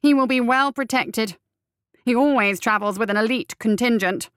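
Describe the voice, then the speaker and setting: A woman's voice: moderate pace, smooth, dry recording, studio quality, close to an everyday voice. A woman doing a chirpy doubtful conspirator. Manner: higher, brighter and louder, skeptical.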